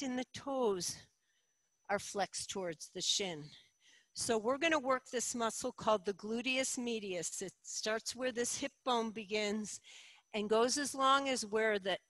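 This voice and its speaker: A middle-aged woman guides a yoga class with calm, encouraging cues. She speaks slowly and deliberately, and her voice sounds dry and close, with no room echo. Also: a little high. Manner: calm, encouraging cueing with slow deliberate phrasing. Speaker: yoga instructor.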